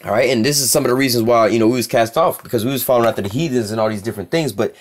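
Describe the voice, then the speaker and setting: A man's voice: medium pitch, a little hiss or hum. Blunt, profane man teaching scripture. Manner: blunt and profane, reading verses aloud slowly. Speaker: religious teacher.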